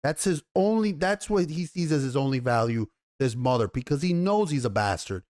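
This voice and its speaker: A man giving a casual, animated TV episode review in slangy talk, often repeating himself. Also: a little high, normal speed. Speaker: TV show reviewer.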